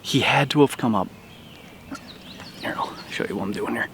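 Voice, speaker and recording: A man's voice: medium pitch, moderate pace, fairly bright tone, a little hiss or hum. A man whispering outdoors in the woods, hosting a hunting vlog on a camera mic, with birds heard around him. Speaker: hunting video host.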